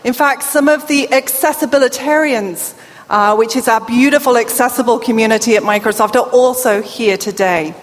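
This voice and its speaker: A woman's voice: fairly high pitch, normal speed. A British woman in her forties speaking with a deaf accent, giving a playful keynote speech to a crowd in a large hall. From England. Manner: chatty and playful, engaging the crowd. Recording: echoey hall, amplified speech.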